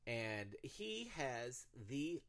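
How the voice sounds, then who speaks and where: A man in his thirties co-hosting a podcast, telling a story in a casual, animated way with frequent swearing. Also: mid-range voice, very slow, slight background noise. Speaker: podcast co-host.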